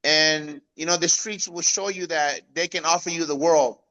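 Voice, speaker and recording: A man's voice: normal speed, lo-fi sound. A man in his thirties from Guatemala, a guest telling his life story in an interview, acting out the people he quotes with a raised voice. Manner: animated, acts out quoted voices with raised pitch.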